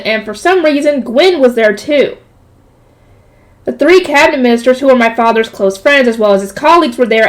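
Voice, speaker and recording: A woman reading a light novel aloud, stopping often to add casual jokey comments. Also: high voice. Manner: breaks off to comment and joke. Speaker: reader.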